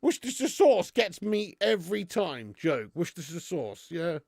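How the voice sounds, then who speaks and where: High, gravelly, animated man. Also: normal speed, no echo, clean studio sound. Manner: sweary, jokey banter, laughs often. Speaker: live-stream host. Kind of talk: casual live-stream chat reading viewer comments.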